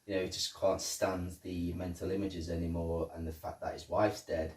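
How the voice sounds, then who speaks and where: A man's voice: low voice, flat delivery, normal speed, a little mellow. A man co-hosting a casual film review podcast, chatty and acting out movie dialogue. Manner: chatty, acts out movie dialogue, laughs often. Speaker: podcast co-host. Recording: roomy echo, mic at a distance.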